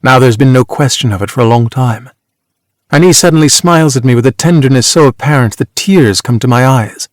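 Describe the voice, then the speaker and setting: A man narrating an audiobook in the first person, with a measured, reflective delivery. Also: medium pitch, dry recording, studio quality. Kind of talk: scripted narration.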